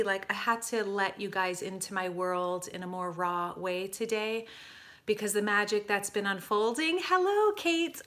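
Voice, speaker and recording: Effusive woman hosting a casual livestream. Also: medium pitch. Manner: effusive, greets viewers warmly by name. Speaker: life coach livestream host.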